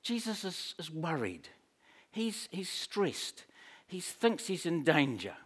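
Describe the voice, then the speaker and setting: A man's voice: a little high, big pitch swings, slow pace, fairly bright tone, husky, voice pushed up, full character voice. A man voicing an impulsive fisherman disciple who coaxes and persuades like a spin doctor. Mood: anxious. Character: eager impulsive male fisherman disciple, pushy adviser.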